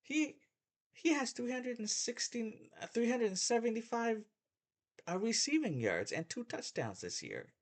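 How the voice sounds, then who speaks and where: A man's voice: very high-pitched, very animated, measured pace. A middle-aged man giving a heated, repetitive opinion rant as a sports vlogger, stumbling and restarting as he talks.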